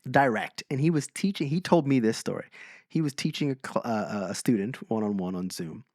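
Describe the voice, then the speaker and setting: A man co-hosting a podcast, telling stories in a casual chat and slowing down for emphasis. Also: medium pitch, no echo, studio quality. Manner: animated storyteller, slows for emphasis. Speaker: podcast co-host.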